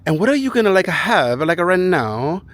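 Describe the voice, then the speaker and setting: A man's voice: sits high, big pitch swings, normal speed, a bit bright, no room sound, voice pushed up. A man mimicking a chirpy young female barista who speaks English with a put-on South American Spanish accent, in a sing-song, overly cheerful way. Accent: South American Spanish-tinged English.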